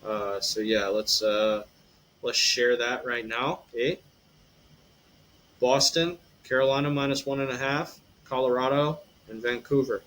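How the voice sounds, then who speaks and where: A man's voice: mid-range voice, steady tone, unhurried, fairly bright tone, poor audio. Male podcast host, mid-range voice, casual and meandering, filler-heavy, faint room hiss. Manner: rambling, filler-heavy, says "eh". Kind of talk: casual sports betting talk.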